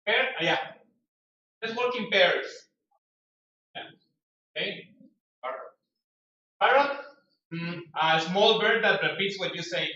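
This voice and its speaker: A man's voice: high voice, a little slow, pauses often, pushed and bright. Distant echoey man teaching vocabulary. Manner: reads word lists aloud, explains with acted examples. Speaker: English teacher. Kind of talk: classroom vocabulary lesson. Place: classroom. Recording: distant echoey classroom, dull lo-fi sound.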